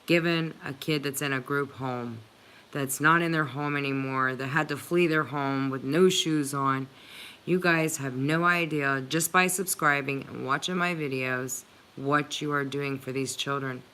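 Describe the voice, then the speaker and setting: A woman's voice: very deep voice, fairly even intonation, a little slow, fairly bright tone, smooth. A woman hosting a livestream, chatting earnestly and emotionally with viewers, with many filler "likes". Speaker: channel host reading live chat.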